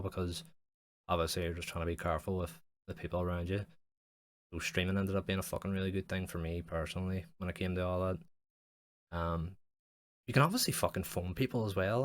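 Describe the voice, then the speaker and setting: A young man, hosting a casual solo podcast and rambling with lots of swearing and "like". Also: low-pitched. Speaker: podcast host.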